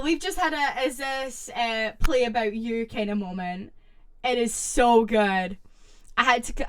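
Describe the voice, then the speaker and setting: A bright, high-voiced young woman hosting a livestream, her pitch leaping all over as she reads stories and greets her viewers. She talks at an unhurried pace between excitable outbursts. Her tone is crisp and forward. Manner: excitable, reacts loudly and chats with viewers. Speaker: streamer. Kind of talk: casual livestream chat, reading stories aloud.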